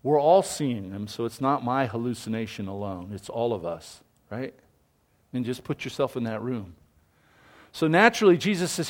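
A man's voice: medium pitch, sing-song, normal speed. A middle-aged man preaching a sermon as pastor, telling stories with animation and acting out the voices of people he quotes.

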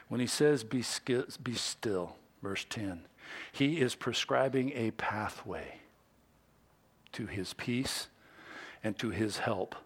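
A man preaching a sermon as pastor, swinging from hushed, quiet stretches to loud, excited ones. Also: fairly low pitch, breathy edge. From United States.

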